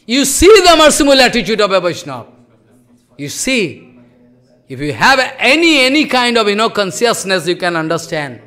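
A man's voice: high voice, big pitch swings, moderate pace, fairly bright tone. A man giving a devotional sermon, telling stories with emotion and repetition in broken English. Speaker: preacher.

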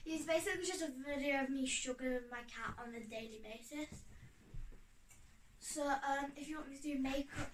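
A woman's voice: sits high, moderate pace. A woman vlogging to a camera on a tripod in her bedroom, chatty, giggly and easily sidetracked. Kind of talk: casual chat to camera. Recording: roomy, a bit far from mic, faint noise.

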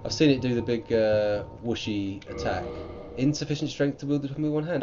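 An excitable man chats through a co-op game session, bursting into mock outrage at the screen. His voice comes through a muffled, lo-fi stream mix with steady noise behind it. He speaks at a middling pitch. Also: brisk. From United Kingdom. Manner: chatty, excitable, mock-exasperated outbursts. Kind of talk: casual co-op gaming chat. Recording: muffled lo-fi stream audio with clear background noise.

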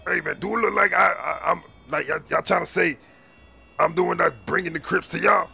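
A man voicing an irritated gang leader in a role-play game video, talking in a gruff, confrontational way. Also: sits high, steady tone, normal speed, bright, forceful tone, faint music behind, heavily acted. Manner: annoyed, confrontational street talk.

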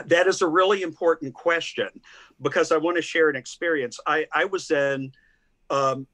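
This older Southern man from Tennessee has a fairly high, bright voice with fairly even intonation and a moderate pace. Appearing as a guest critic on a casual video call, he tells stories in a chatty way, full of restarts and laughter.

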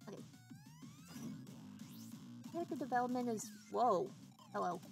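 Girl streamer rambling to chat while gaming, kinda high voice that bounces all over, swears a bit. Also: sing-song, moderate pace, music in the background. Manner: chatty, swears casually, talks to chat.

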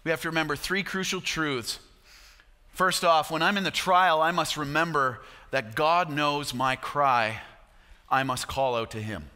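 A man's voice: on the high side, measured pace, pushed and bright, long reverb tail. A man pastor preaching a sermon in a church, emphatic and repeating key phrases.

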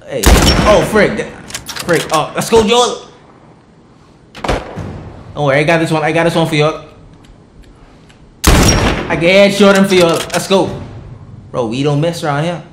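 A man giving let's play commentary, excitable and trash-talking the enemies, often bursting into shouts. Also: fairly high pitch, a little slow, long pauses, echoey room, noisy background. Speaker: gaming streamer.

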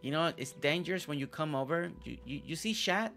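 A man streams a game with a bright, crisp voice, chatting and joking with his viewers. His delivery is playful and relaxed. Faint game music sits behind him. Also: a little high, fairly quick. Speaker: gaming streamer. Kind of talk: casual gameplay commentary.

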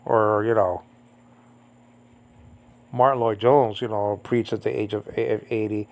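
The recording is muffled as a Puerto Rican man in his fifties teaches the Bible informally, slowly and in a level, slightly mellow tone. He rambles with frequent "I mean, you know" and jumps to a high, emphatic pitch on key points.

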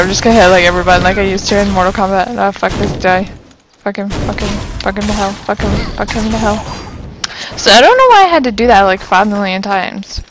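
Excitable swearing woman gamer over music. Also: medium pitch, a little fast. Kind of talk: live gameplay commentary. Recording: game music behind voice.

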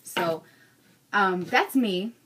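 A woman's voice: medium pitch, animated, extremely slow, noisy background. A young adult woman ranting casually in a vlog, frank and self-mocking, cursing freely. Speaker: vlogger.

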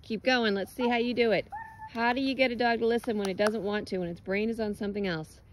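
A woman's voice: fairly high pitch, fairly even intonation, quick pace, a little hiss or hum, rough recording. Woman dog trainer coaching outdoors. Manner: directive, encouraging coaching. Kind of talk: hands-on coaching and explanation. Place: outdoors on a lawn.

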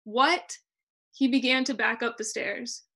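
A young woman reads her personal essay aloud over a video call, her tone bright and a touch high. She moves through the text in a measured and expressive way. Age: young adult. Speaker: student reader.

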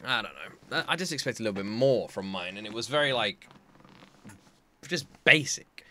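A young man hosting an anime reaction, chatting casually, excitable and swearing freely. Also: fairly low pitch, moderate pace.

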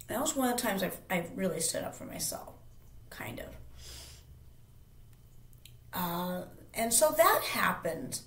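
A woman's voice: mid-range voice, big pitch swings, measured pace, long pauses. A woman host telling a personal story casually, emphatic and rambling, with frequent restarts and repeats. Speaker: channel host. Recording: roomy echo.

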